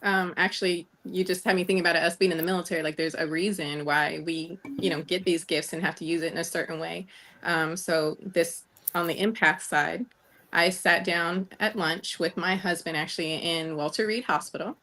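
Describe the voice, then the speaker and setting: A woman's voice: lowish voice, steady tone, normal speed, sharp tone. A woman, a guest in a casual chat, telling a story animatedly and acting out the dialogue.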